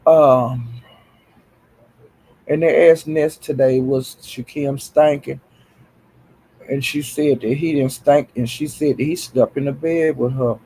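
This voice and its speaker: Male livestream host, raspy and gravelly, dramatic and exasperated gossip tone. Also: medium pitch, fairly even intonation, slow pace, pauses often, warm tone, rough recording. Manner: exasperated, dramatic, sighs and exclamations.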